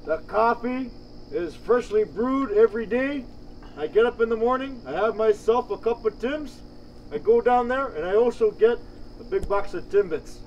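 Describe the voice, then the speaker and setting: Canadian man, relaxed guest banter, high-pitched, dull lo-fi recording with faint hiss. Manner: laid-back, says "bud" a lot, drawn-out promo delivery. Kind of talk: casual podcast banter.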